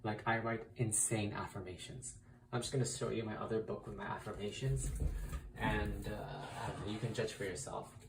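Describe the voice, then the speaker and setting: A man's voice: fairly low pitch, fairly even intonation, moderate pace, creaky, distant mic, noisy background. A man teaching a spiritual writing technique in a casual, emphatic way, repeating key phrases and swearing mildly for emphasis. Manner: emphatic, repetitive, uses mild swearing. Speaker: spiritual content creator. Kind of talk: casual instructional vlog.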